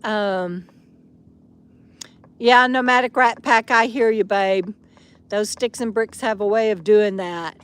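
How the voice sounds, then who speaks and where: A woman chatting casually on a live stream, reading viewer comments aloud with many pauses and fillers, outdoors at a camp. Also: medium pitch, fairly even intonation, clean tone. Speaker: vlogger answering live chat.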